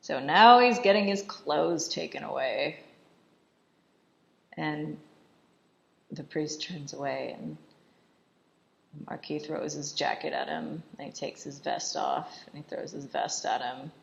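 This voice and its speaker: A woman's voice: low-pitched, slow, vocal fry, pauses often, a little hiss or hum. A woman casually recapping a film in chatty commentary, saying "like" constantly and laughing often. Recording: dull lo-fi voice recording.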